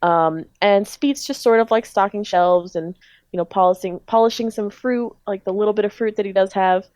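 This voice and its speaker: A woman's voice: mid-range voice, moderate pace, darkish tone, no echo. Dry-sounding woman game master, casual. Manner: casual, many ums and likes. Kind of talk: narrating a tabletop game.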